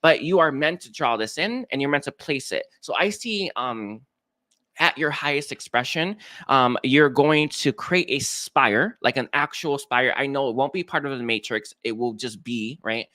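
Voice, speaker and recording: A man's voice: medium pitch, moderate pace, sharp tone, no room sound, studio quality. A man giving a live-streamed psychic reading, talking with many fillers and restarts. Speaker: psychic reader.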